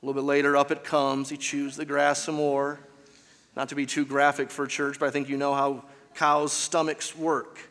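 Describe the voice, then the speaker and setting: Man, pastor, sermon, emphatic repeating cadence, slightly high voice, long echo of a church hall. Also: monotone, moderate pace, fairly bright tone. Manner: emphatic, repetitive preaching cadence.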